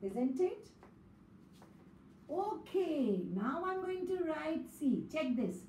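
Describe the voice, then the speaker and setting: A woman's voice: high-pitched, very animated, slow pace, warm tone, slight background noise. A woman teaching young children a phonics lesson, spelling out letters one by one in a sing-song way. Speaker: kindergarten teacher. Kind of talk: slow classroom phonics lesson. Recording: echoey room with faint ambience.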